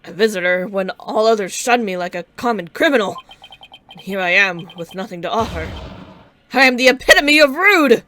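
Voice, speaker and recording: A grandiose older male mayor, as a woman puts him on, declaiming every line with lofty, theatrical courtesy. The voice sits bright and forward, in her usual middle register, the way a streamer reads game dialogue aloud. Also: medium pitch, a little fast, slight background noise, lightly acted. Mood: indignant.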